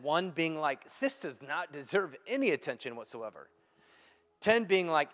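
A pastor preaching a sermon, acting out quoted dialogue and swinging between loud and hushed delivery. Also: male voice, on the high side, normal speed. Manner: animated, acts out quoted dialogue. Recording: long hall reverb.

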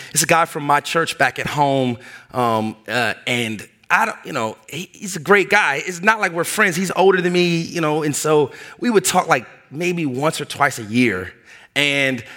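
A middle-aged male pastor preaching a sermon, telling a personal story in an animated way and acting out the voices in it. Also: a little high. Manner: animated, acts out voices in anecdotes.

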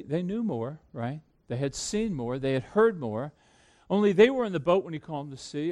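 A man preaching a sermon to a congregation, swinging between loud emphatic peaks and hushed low asides. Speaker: pastor.

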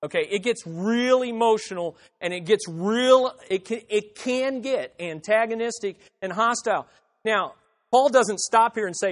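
A man's voice: sits high, measured pace. A man preaching an expository sermon, emphatic, repeating phrases and acting out the objections he quotes. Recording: reverberant hall.

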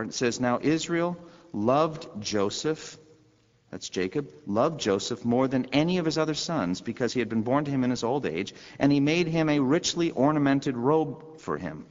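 A man's voice: medium pitch, lively intonation, moderate pace, darkish tone, in a large hall, muffled recording. A pastor preaching a sermon in a conversational way, asking his listeners rhetorical questions.

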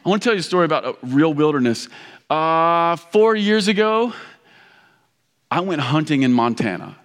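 A man from Kentucky preaching a sermon, telling a story in an animated, rambling, self-mocking way with many restarts. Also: a little high, moderate pace. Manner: loud. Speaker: pastor. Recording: reverberant hall.

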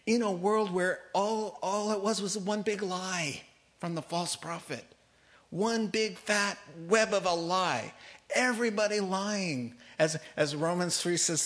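Man preaching a lively Bible study. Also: fairly high pitch, unhurried. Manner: lively, jokey, reads scripture aloud, laughs often. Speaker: pastor.

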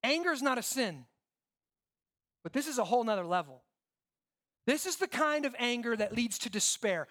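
A man preaching a sermon, animated, acting out quoted voices and asking "right?" often. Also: extremely high pitch, moderate pace, long pauses. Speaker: pastor.

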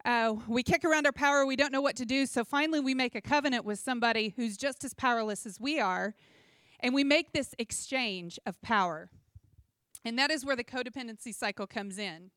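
A young adult woman preaching a sermon in a chatty, animated way, full of personal asides and humor. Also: fairly high pitch, fairly quick, clear, resonant tone, dry recording, studio quality. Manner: conversational and animated, with asides and self-deprecating humor.

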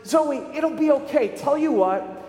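A soft-spoken father coaxes his small daughter with kind offers, put on by a preacher in a high voice. His lines carry a long, echoing tail. There is no edge in him, only patient reassurance. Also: expressive, a little slow. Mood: coaxing. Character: worried successful father coaxing his daughter. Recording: echoey, reverberant space.

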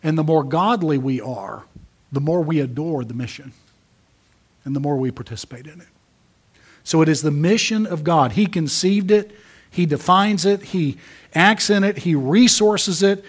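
Emphatic male preacher, slightly high voice. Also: normal speed, slightly rough. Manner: emphatic, rising to loud peaks and dropping soft. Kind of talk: sermon. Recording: audio of a church sermon.

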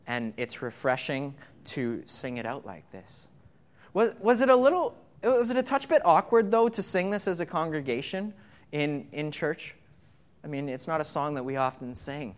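In a church sanctuary, a pastor preaches and draws the congregation in by asking them questions. His fairly high voice is animated at a moderate pace, and his conversational delivery often repeats words when starting a phrase.

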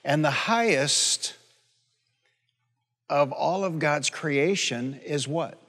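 A man's voice: a little high, slow, fairly bright tone. Folksy pastor in his sixties, reverberant hall. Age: 60s. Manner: folksy, conversational preaching with asides and call-and-response questions. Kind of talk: sermon. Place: church sanctuary.

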